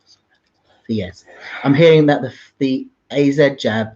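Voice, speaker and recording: A man's voice: mid-range voice, a little slow, darkish tone. A young man hosting a casual livestream, laughing often and reading out viewer comments. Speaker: livestream host. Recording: dull lo-fi stream audio.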